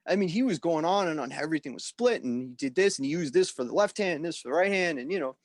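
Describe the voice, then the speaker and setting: High-voiced man telling an animated story. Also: fast talker, no echo, studio quality. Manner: animated, rambling, full of "like" and "you know", swears freely. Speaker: guest musician. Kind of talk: casual storytelling on a podcast.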